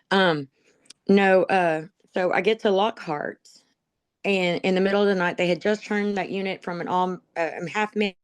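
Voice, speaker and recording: In an interview, a woman who graduated from a dog program tells her life story conversationally, as a personal testimony. Her fairly low voice, heard with no echo, rambles emotionally, full of ums and laughs at herself.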